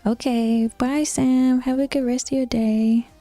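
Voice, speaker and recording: A woman with a New Zealand accent chatting casually with her viewers as a Twitch streamer, bluntly teasing and slipping into soft whispered asides. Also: sits high, flat delivery, a little slow, no echo, faint music behind.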